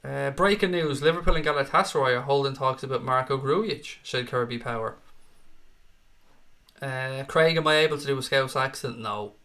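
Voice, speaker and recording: A young Irish host on a casual live stream goes through viewer comments, reading them out and replying bluntly with lots of profanity. His medium-pitched voice is bright and forceful, delivered at normal speed.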